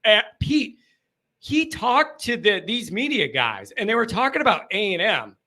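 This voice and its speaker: Male call-in host, high bright voice, hyped and riffing. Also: sing-song, a little slow. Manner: hyped, loud, riffing storyteller. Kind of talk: excited live call-in chat.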